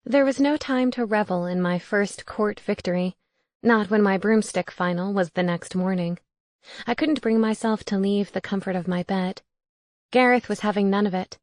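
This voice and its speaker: A woman narrating a cozy mystery audiobook in an even, soft-spoken way. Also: mid-range voice, moderate pace, dry recording, studio quality.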